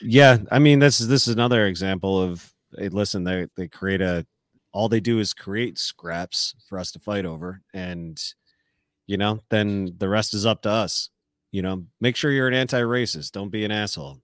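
A man with a very deep voice co-hosts a podcast, wry and easily exasperated. He rants in short bursts. His voice sits close and dry on the mic. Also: normal speed, dry recording. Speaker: podcast co-host. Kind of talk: casual podcast chat.

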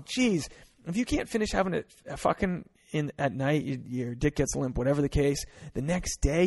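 Blunt, crude male comedian podcaster. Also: a little high. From Rhode Island. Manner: blunt, crude, jokey, acts out voices. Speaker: podcast host.

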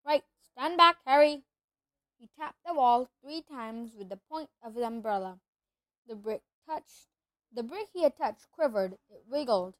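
A woman reads a children's storybook aloud in steady narration, now and then tripping and starting a phrase over. Her voice sits high. The recording is close and dry, with no room echo. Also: a little slow. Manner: steady narration with occasional slips and restarts. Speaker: reader.

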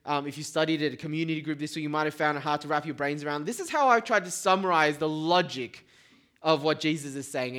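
A man preaching a sermon in a relaxed, conversational way, often checking in with the congregation. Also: fairly high pitch. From Australia. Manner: informal, keeps checking in with "right?".

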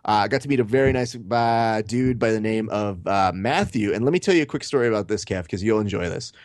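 A man co-hosting a podcast, telling animated stories and swearing casually. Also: fairly low pitch, fairly quick, no echo, studio quality. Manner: animated storyteller, acts out quotes, swears. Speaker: podcast co-host.

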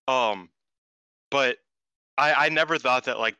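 A man on a casual podcast, talking in an excitable, restless way and swearing freely. His voice is very bright and forward, recorded dry and close with no room sound. He trips over his words and restarts often. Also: medium pitch, moderate pace, no room sound. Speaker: podcast co-host. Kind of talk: casual chat.

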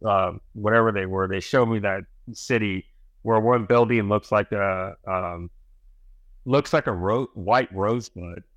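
A man's voice: on the low side, fairly bright tone, dry recording, lo-fi sound. A middle-aged man, a podcast guest, telling a long story in casual chat, rambling and swearing, tagging sentences with "right?" and "bro".

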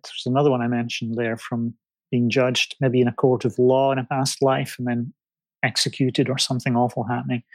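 Gravelly man, podcast guest. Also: mid-range voice, no echo. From Scotland. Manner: animated storyteller, acts out clients' reactions. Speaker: guest, past-life reader. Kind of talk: casual interview chat.

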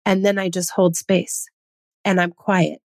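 A woman's voice: fairly low pitch, little pitch movement, a little slow, darkish tone, dry recording. A woman hosting a parenting podcast, speaking in an earnest, conversational way with emphatic stresses. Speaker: podcast host.

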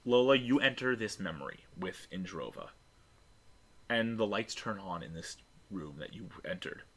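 A man's voice: low-pitched, expressive, normal speed, fairly bright tone, husky. A man narrating a tabletop game as game master, descriptive and restarting often.

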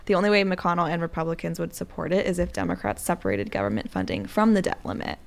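A woman's voice: lowish voice, lively intonation, fast talker, creaky. A young woman co-hosting a news podcast, explaining the news plainly and adding dry remarks. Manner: reads facts plainly, then adds dry remarks. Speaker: podcast co-host.

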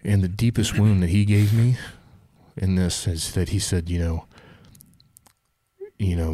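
A man speaking candidly and emotionally about his struggles, halting and repeating himself, filling his talk with "man" and "dude". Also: sits low, dark tone, no echo. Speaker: guest. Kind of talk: candid confessional conversation.

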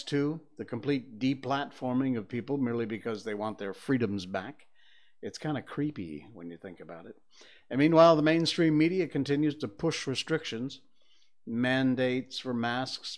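An older man from Connecticut talks at a middling pitch from his studio. He rambles in a loose, opinionated monologue, stopping and restarting with plenty of ums and uhs. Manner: conversational, digressive, with many fillers. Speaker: talk show host.

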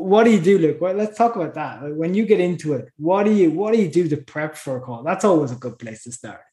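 A man's voice: on the high side, darkish tone. A man co-hosting a podcast in a chatty, easygoing way, laughing easily and restarting his sentences. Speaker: podcast co-host. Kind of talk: casual podcast chat. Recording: roomy echo.

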